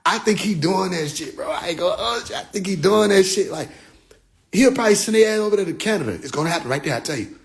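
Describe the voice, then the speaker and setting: A man with a notably high voice tells a story as a comedic rant. He is animated and profane, and his delivery is loose and full of slang. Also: fast talker, gravelly. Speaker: vlogger.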